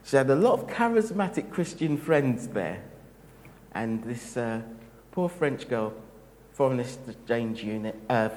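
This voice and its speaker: A man delivering a sermon at a slow, deliberate pace, his gentle and reflective words carried by a long reverb that rings around a large hall. His voice sits at an ordinary middle pitch. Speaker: preacher.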